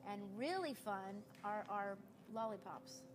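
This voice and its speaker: A woman's voice: mid-range voice, animated, takes it slowly, background noise. A woman in her forties chatting casually as a recruiter sharing sales tips, telling stories and acting out the dialogue she quotes. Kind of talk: casual chat.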